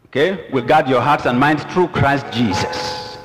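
A man's voice: mid-range voice, a little slow. A man preaching a sermon with emphatic call-and-response to the congregation. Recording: long church reverb with music.

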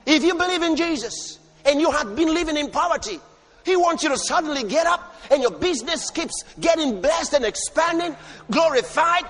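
High-voiced, lively emphatic male preacher. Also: moderate pace. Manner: emphatic, rhetorical questions, sudden shouts. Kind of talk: sermon.

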